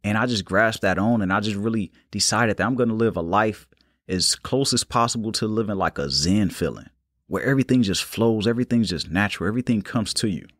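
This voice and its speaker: A young man hosting a solo podcast, talking in a calm, unhurried, reflective way. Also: lowish voice, no echo, clean studio sound. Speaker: podcast host. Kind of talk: casual solo podcast talk.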